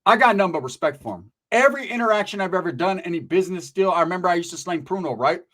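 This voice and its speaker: A man's voice: high-pitched, lively intonation, very fast, fairly bright tone. A man hosting a channel, telling casual stories about prison life in blunt, profane street slang and checking in often with "right?". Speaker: channel host and storyteller.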